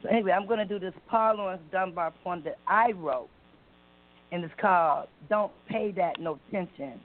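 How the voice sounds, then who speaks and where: A woman's voice: on the low side, moderate pace, a little hiss or hum. A woman calling in to an open mic show to perform a spoken word poem, delivering it in a rhythmic, emphatic way and playing with dialect. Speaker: open mic poet caller. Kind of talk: spoken word poetry reading. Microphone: phone call. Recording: dry tinny phone line.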